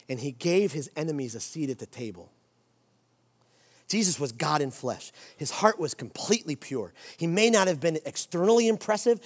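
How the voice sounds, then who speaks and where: A man's voice: on the high side, very animated, normal speed. A pastor in his forties preaching a sermon, with emphatic, repeated declarations. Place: church sanctuary. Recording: long reverb of a church hall.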